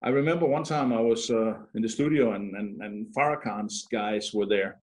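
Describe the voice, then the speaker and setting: A man's voice: lowish voice, moderate pace. A middle-aged man from Denmark with a Danish accent, a podcast guest telling stories in a casual interview, joking at his own expense and restarting often. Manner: animated storyteller, self-mocking, frequent fillers and restarts. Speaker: podcast guest, security professional.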